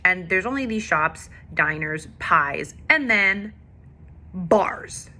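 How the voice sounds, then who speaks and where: A woman's voice: lowish voice, expressive, takes it slowly, sharp tone, soft background music. A woman with a daughter telling a candid, emotional faith testimony in a personal vlog. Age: adult with a daughter. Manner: candid, confessional, emotional storytelling. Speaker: faith vlogger.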